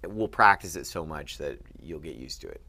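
A man's voice: extremely low pitch, animated, normal speed, pushed and bright. A man teaching at a board in a room, explaining patiently and checking in with frequent "okay?".

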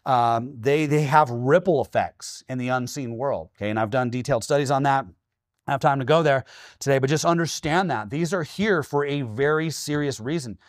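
A pastor in his forties from Washington state preaching a sermon, telling stories with lively, acted-out quotes and often checking in with "okay?". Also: medium pitch, normal speed, no echo, clean studio sound. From Washington state, USA. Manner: animated storytelling, acting out his own quoted lines.

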